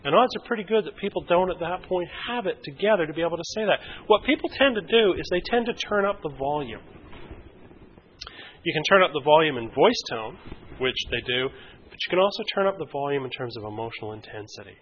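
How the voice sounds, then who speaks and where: A man presenting a relationship workshop in a conversational way, lively, using vivid examples and asking his audience questions. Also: on the high side, fairly quick, a little hiss or hum. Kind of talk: conversational teaching to a group. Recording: dull lo-fi recording.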